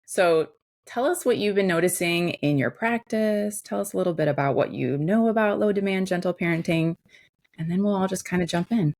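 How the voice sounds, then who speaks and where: A woman from Chicago with a Midwestern accent, co-hosting a podcast in relaxed, chatty talk full of fillers and laughs. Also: lowish voice, a little fast. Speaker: podcast co-host. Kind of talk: casual chat.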